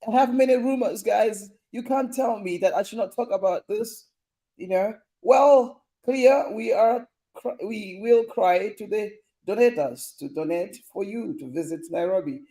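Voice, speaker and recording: A man's voice: high-pitched, normal speed, dark tone. A young man hosting a casual live stream, reading viewer comments in a playful, teasing way and laughing often.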